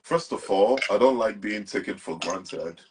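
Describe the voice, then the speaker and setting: A man's voice: fairly low pitch, a little slow, slightly rough. A young man with a Nigerian accent, talking animatedly as an interview guest and mixing Pidgin with English. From Nigeria, Anambra. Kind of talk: casual interview talk.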